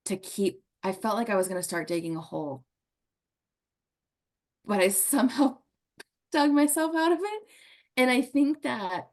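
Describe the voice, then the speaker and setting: Earnest woman telling a story. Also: lowish voice. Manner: earnest, emotional, laughs often. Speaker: guest. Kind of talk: podcast conversation, storytelling.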